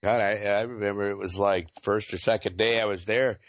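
A man from Oregon chats casually, telling stories and laughing often along the way. His voice sits fairly low. The recording is dull and lo-fi, with a dry, close sound. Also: steady tone, fairly quick, no echo. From Oregon, USA. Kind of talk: casual podcast chat.

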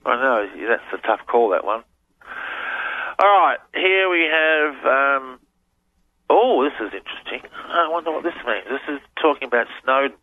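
A man's voice: mid-range voice, normal speed. A man with an Australian accent, a guest chatting agreeably on a radio show. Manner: agreeable, animated. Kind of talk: casual radio chat. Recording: phone line with background noise.

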